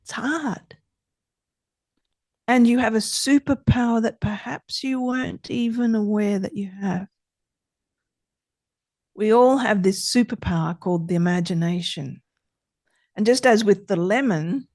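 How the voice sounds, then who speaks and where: A middle-aged woman therapist talking as a podcast guest, expressive and emphatic, repeating her key points. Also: mid-range voice, a little slow, dry recording, studio quality. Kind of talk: conversational podcast interview.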